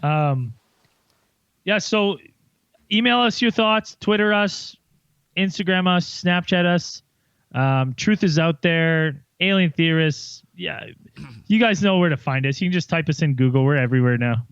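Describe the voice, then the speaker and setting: A man chats loosely on a podcast, his voice sitting a little higher than most men's. He reads listener reviews aloud with dry little remarks. The recording is close and dull, like a cheap mic. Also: unhurried, fairly bright tone, clear, resonant tone, dry recording. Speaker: podcast co-host. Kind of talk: casual podcast banter.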